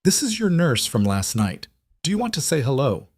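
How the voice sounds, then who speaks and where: A man voicing a pleasant, calm male neurologist in an audio story, speaking in a raised, measured tone. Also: fairly high pitch, breathy edge, no room sound, clean studio sound, pitched above the performer's own voice, exaggerated voice.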